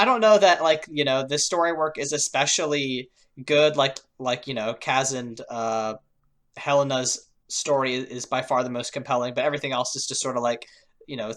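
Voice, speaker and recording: Low-voiced woman podcast co-host. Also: a bit bright. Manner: laid-back, hedging, filler-heavy. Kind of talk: casual chat reviewing a cartoon.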